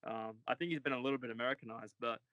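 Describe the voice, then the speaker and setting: A man's voice: mid-range voice, fairly even intonation, rapid-fire, pushed and bright, no room sound, poor audio. A young man in his twenties with an Australian accent, chatting loosely as a podcast guest, filling his answers with "like" and "uh". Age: 20s. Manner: laid-back and rambling, heavy on "like" and "uh". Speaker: podcast guest, college runner. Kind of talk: casual interview chat.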